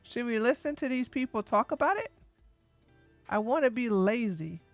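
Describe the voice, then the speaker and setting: A woman hosting a casual livestream, chatting animatedly and breaking into loud outbursts. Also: a little high, animated, normal speed, no echo, faint music behind. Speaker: livestream commentary host.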